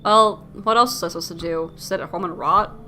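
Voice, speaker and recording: A weary, lonely young delivery guy, read by a woman voicing a game character. He speaks in a flat, resigned way with a bright edge to the voice. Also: on the low side, fairly quick, soft background music.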